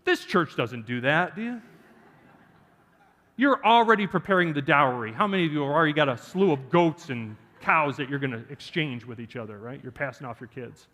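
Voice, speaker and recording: Man preaching, fairly high voice, lively storytelling, long church reverb. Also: a little fast. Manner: animated, joking with the congregation. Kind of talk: storytelling sermon. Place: church sanctuary.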